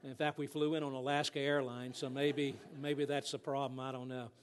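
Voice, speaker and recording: A man's voice: medium pitch, little pitch movement, normal speed. A man, a visiting speaker, greeting a church congregation in a folksy, joking way. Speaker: guest speaker, ministry president. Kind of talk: friendly guest address to a church.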